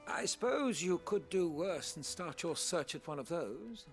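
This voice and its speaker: A man's voice: on the high side, very animated, gravelly, faint music behind, heavily acted. A man voicing a helpful male townsman in a video game, answering thoughtfully. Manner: unhurried, thoughtful.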